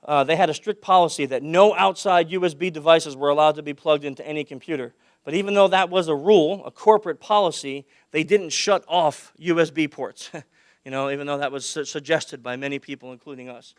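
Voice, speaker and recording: A man speaking at a conference with a fairly high, smooth, resonant voice. He projects loudly and dips low and quiet when he tells a story. The sound is close and dry. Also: no room sound. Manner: projects loudly, drops his voice low for anecdotes. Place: conference hall.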